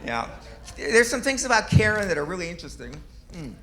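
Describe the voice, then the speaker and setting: A man's voice: high-pitched, very animated, a little fast, noisy background. A man in his fifties doing a stand-up comedy set on a club stage, delivering self-deprecating punchlines with little chuckles.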